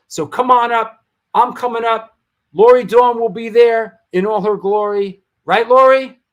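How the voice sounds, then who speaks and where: A man's voice: extremely high pitch, unhurried, muffled recording. A man hosting a live show, reading sponsor spots and event announcements in a rambling, jokey way that often stumbles over words. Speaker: host.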